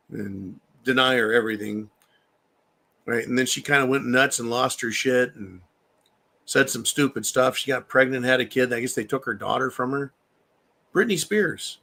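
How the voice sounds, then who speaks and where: Male stream host, swearing, mocking, ranting, forceful bright voice. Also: mid-range voice. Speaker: host reading viewer chat. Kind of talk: live-stream commentary.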